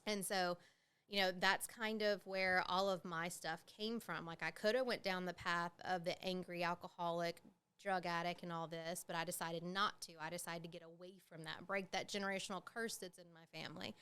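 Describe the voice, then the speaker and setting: A woman's voice: fairly low pitch, steady tone, moderate pace, a bit bright, clean tone. A woman, hosting a podcast and telling her own story candidly, with plenty of fillers and swearing. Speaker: podcast host. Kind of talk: casual personal storytelling.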